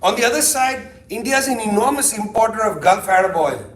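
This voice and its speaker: Giving a keynote in a lecture hall, a middle-aged man speaks fairly quickly in a high-pitched voice. His lecture is loose and animated, with a sardonic edge and lots of asides, recorded through a distant mic in an echoey room.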